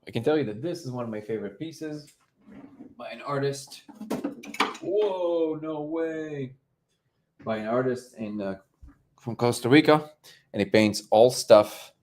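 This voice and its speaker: Speaking in a fairly low voice with a slight mellowness, a male livestream host wanders through casual live chat, hesitating, restarting, and filling gaps. His level comes and goes as he occasionally steps back from the mic.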